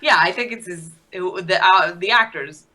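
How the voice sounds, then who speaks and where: A woman co-hosting a casual recap podcast, wry, reading from her notes and dropping quick quips. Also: lowish voice, a crowd in the background. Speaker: podcast co-host.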